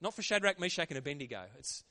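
Lively pastor preaching. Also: male voice, on the high side, fast. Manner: lively, conversational preaching with frequent laughs. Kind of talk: sermon.

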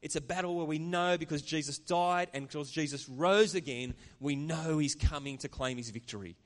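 In a church with a big-room sound, a pastor preaches a sermon in a voice on the high side at a moderate pace. He's earnest and conversational, tossing chatty asides to the congregation.

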